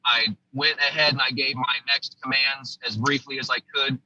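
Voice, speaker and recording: A former army sergeant from the United States recounting a combat story as a podcast guest, telling it vividly and acting out what people said. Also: male voice, medium pitch, little pitch movement, moderate pace, bright, forceful tone, dry recording, dull audio.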